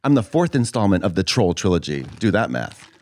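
Campy sardonic man with lively pitch. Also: a little fast. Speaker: podcast co-host. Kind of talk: casual comedic chat.

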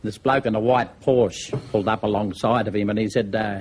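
A man's voice: fairly low pitch, fairly even intonation, brisk, slight background noise. An Australian man telling a long joke, spinning it as a yarn full of broad slang. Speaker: comedian.

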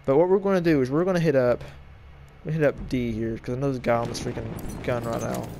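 A man giving casual gameplay commentary, talking fast with jumbled words, frequent stutters and restarts. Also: medium pitch, steady tone, creaky, slight background noise. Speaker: gaming channel host. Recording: loud gunfire and battle game sounds behind. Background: shooter game audio with gunfire and vehicles.

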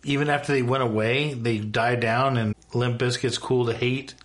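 A man ranting casually and enthusiastically on camera, in a voice of middle pitch. He gushes emphatically and swears without a second thought. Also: fairly even intonation, moderate pace. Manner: emphatic, gushing, swears freely. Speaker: YouTuber.

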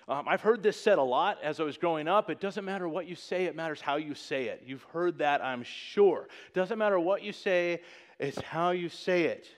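Church pastor guy preaching, kinda high voice, jokey and lively. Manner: joking, animated storytelling with put-on high voices. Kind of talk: sermon.

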